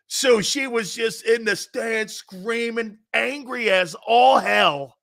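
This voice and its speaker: Speaking at a measured pace in a very high voice, a Philadelphia-accented man runs an opinionated sports talk show. He's loud and excitable, frequently breaking into laughter and shouts.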